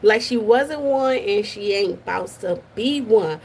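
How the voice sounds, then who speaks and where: A woman's voice: medium pitch, expressive, unhurried, darkish tone. A woman hosting a casual live stream from her office at work, chatty and gossipy, greeting viewers by name.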